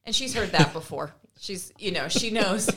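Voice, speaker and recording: A woman co-hosting a podcast, telling a parenting story in a casual, animated way and acting out the conversations. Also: medium pitch, normal speed. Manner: animated, acts out remembered conversations with laughs. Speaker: podcast co-host and mother.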